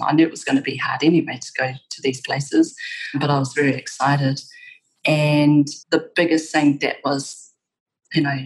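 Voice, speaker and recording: A middle-aged woman from New Zealand with a New Zealand accent, reflectively telling stories as an interview guest, with the odd soft laugh. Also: sits low, poor audio. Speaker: game studio founder, guest. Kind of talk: conversational interview storytelling.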